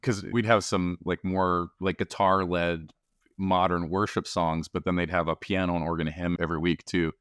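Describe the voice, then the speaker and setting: A man with a low, fairly deep voice talks through a podcast conversation. He wanders through his points in a relaxed way, laughing along as he goes. The sound is dry and close, with no room around it. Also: normal speed, smooth, no echo. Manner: rambling, with frequent chuckles. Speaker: podcast co-host. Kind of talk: casual conversation.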